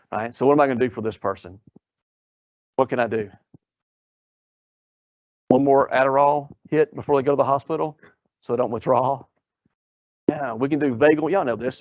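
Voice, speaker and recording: A man's voice: medium pitch, no echo. Man, ER doc teaching a room of medics, quizzes and wisecracks, dry muffled recording. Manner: joking, quizzing the audience. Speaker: emergency physician lecturer. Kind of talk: live lecture to EMS providers. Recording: dull lo-fi lecture audio.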